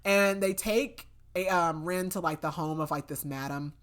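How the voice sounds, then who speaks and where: A woman's voice: fairly low pitch, moderate pace. A young woman on a podcast, casually recapping a novel's plot in a rambling way with lots of fillers and quoted dialogue. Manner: chatty, filler-heavy retelling with quoted lines. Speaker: podcast co-host. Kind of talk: casual book recap chat.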